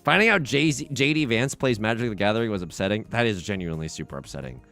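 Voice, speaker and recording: Excitable gravelly-voiced male streamer. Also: on the low side, fast, faint music behind. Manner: excitable, rambling, shouts when the game turns. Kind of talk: livestream commentary over a mahjong game.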